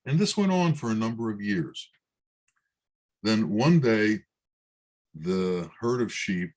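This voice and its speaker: A man, a Sufi teacher, giving a spiritual talk in a slow, measured storytelling manner. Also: on the low side.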